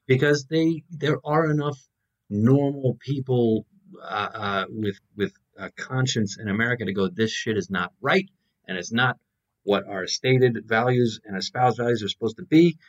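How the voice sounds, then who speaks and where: A man's voice: medium pitch, normal speed, dull audio. A man co-hosting a podcast, chatting casually about politics with lots of fillers and restarts. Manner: rambling, many fillers and restarts. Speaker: podcast co-host.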